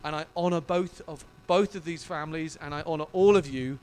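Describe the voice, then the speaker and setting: A male pastor preaching a sermon in an emotional, effusive and animated way. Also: on the high side, a little fast, smooth.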